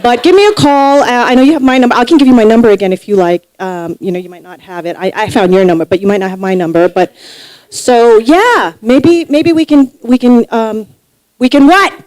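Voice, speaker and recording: A woman's voice: fairly high pitch, fairly quick, a little mellow, no room sound, close to an everyday voice, poor audio. Woman doing a jittery, rambling gal pal. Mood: rambling nervous. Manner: nervous run-on chatter, endless hedging. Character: rambling, over-apologetic young woman friend.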